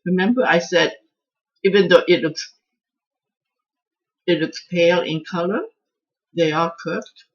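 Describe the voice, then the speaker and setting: A woman with a lowish voice hosts her own home cooking channel, walking through a recipe in a rambling, self-deprecating way. She speaks at a measured pace and pauses often, and the recording is muffled.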